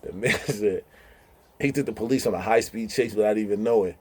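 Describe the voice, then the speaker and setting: A man's voice: lowish voice, fairly quick, slightly rough. A man casually telling funny prison stories, laughing and mimicking the people he talks about. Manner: animated, laughing, mimics others' voices in quotes. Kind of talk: casual storytelling.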